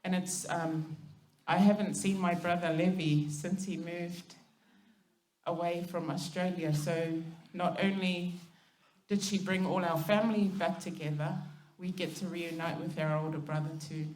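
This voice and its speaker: A woman's voice: fairly low pitch, steady tone, measured pace, darkish tone. A woman giving a loose, bilingual funeral eulogy with some laughter. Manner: loose, mixing two languages, with laughs. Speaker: eulogy speaker, cousin. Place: funeral service hall. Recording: echoey hall with faint noise.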